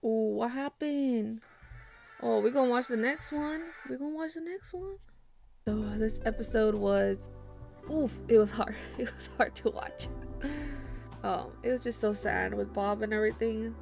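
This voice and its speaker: A woman talks casually through her reaction to a TV episode, exclaiming often and fighting back tears. Her voice sits a little high with a gravelly fry running through it. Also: fairly even intonation, measured pace, a little mellow, soft background music. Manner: emotional, exclaiming, laughing often. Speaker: reaction vlogger.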